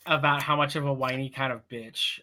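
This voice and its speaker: A woman's voice: extremely low pitch, steady tone, brisk, bright, forceful tone. A woman co-hosting a podcast, recapping a film in blunt, mocking casual chat. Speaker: podcast co-host.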